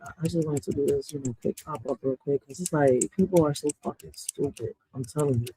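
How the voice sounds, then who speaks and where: In a casual live-stream rant, a woman who streams and writes poetry swears freely, leans on slang and speaks straight to her chat. Her voice is low, mellow and fairly quick, and the recording is rough.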